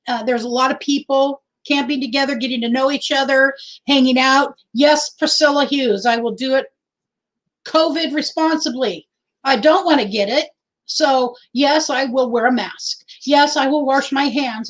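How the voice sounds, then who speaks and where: A woman's voice: high voice, poor audio. A middle-aged woman hosting a casual livestream. She speaks in a heartfelt, rambling way and often repeats herself. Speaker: livestream host. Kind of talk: casual livestream chat with viewers.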